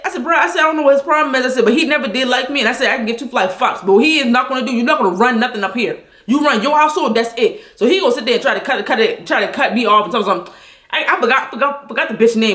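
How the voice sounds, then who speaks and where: A woman angrily venting a story on a livestream, talking loud, blunt and full of profanity. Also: high-pitched, lively intonation, fast, reverberant.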